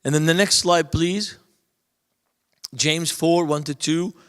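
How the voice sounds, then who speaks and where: A man's voice: fairly high pitch, fairly even intonation, takes it slowly, a bit bright, clean tone. Man speaking in a reverberant hall. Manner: storytelling, acting out both sides of dialogues. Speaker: conference speaker. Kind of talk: lecture with anecdotes.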